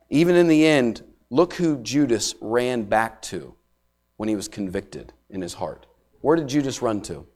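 A middle-aged male pastor delivering a sermon, swinging between raised emphasis and quiet, slowed-down words. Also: medium pitch. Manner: dramatic preaching with wide swings in loudness, dropping to hushed emphasis.

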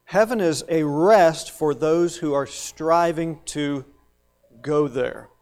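A man's voice: on the high side, takes it slowly, darkish tone, faint music behind. A male pastor preaching a sermon in a conversational way, with playful asides and rising emphasis on key words.

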